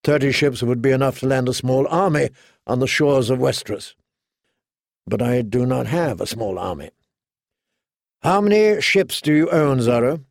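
A man voicing a proud, shrewd young exiled queen who speaks calmly and firmly. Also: medium pitch, vocal fry, no echo, studio quality. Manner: calm, measured, firm.

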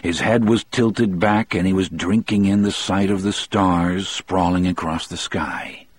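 A man reading a first-person story aloud in a measured, steady storytelling manner. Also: low-pitched, breathy edge, no echo. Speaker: narrator.

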